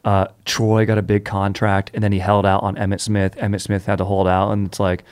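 Low-voiced laid-back podcast host man. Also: completely flat delivery, fairly quick, a little mellow, clear, resonant tone. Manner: laid-back, slangy, agreeable. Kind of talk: casual chat, retelling stories.

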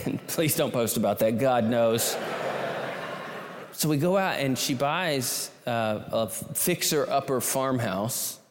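A man's voice: medium pitch, expressive, takes it slowly. A man telling a long personal story to a live audience, rambling and self-deprecating, with many restarts. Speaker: speaker. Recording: long hall reverb.

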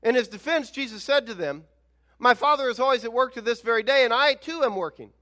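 High-voiced man preaching a lively sermon. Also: fairly quick. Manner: animated, conversational preaching with emphatic rhetorical questions. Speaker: pastor.

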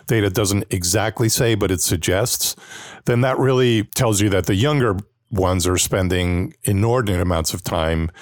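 Deep-voiced man giving measured analysis. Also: no room sound, clean studio sound. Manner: measured, thoughtful, frequent "you know". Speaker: panelist analyst. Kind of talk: analytical discussion.

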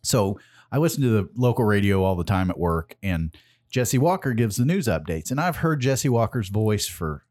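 Lively, joking man in his forties. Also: fairly low pitch, moderate pace. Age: 40s. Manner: joking, laughs often, swears freely. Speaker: podcast host. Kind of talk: casual chat.

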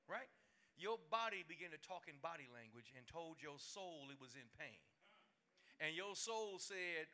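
A pastor preaches at a midweek service in a folksy, colloquial style, animatedly telling funny stories with laughter and acted-out voices for the quotes. His voice leans high and he speaks unhurriedly.

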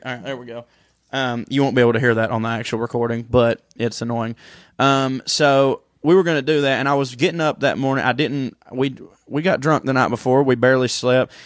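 A man's voice: mid-range voice, steady tone, fast talker, no echo, studio quality. A young man, co-hosting a podcast and telling rambling stories in casual chat, swearing freely. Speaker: podcast co-host.

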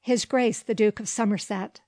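A talkative old man, as a woman reader puts him on, rambling from one piece of gossip to the next at an unhurried pace. The storybook voice sounds close and dry. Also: medium pitch, steady tone, darkish tone, no room sound, close to an everyday voice. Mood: gossipy.

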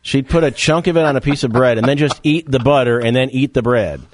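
A man's voice: mid-range voice, a little fast, dry recording. A man hosting a casual radio talk show, joking and quizzing his co-host.

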